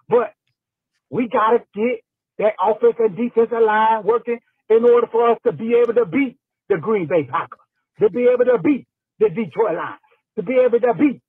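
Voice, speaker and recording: A man's voice: sits high, husky, dry recording. Fired-up man on a tinny phone line. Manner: fired up, repeats himself, slangy. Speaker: voicemail caller. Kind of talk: casual phone voicemail rant.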